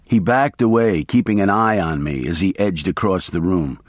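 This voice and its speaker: A man narrating a novel in the first person, reading in a measured, steady way. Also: sits low, dry recording, clean studio sound. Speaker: audiobook narrator.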